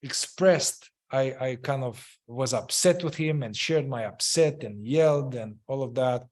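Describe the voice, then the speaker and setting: A man leading a group, explaining a therapy method, halting and searching for words, often repeating phrases. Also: medium pitch, darkish tone. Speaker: group facilitator.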